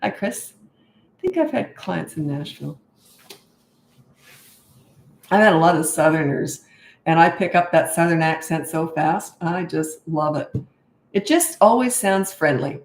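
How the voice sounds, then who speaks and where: A woman's voice: deep voice, animated, normal speed, echoey room. A middle-aged woman parenting coach answering viewer questions on a live stream, blunt and emphatic, often repeating words for stress.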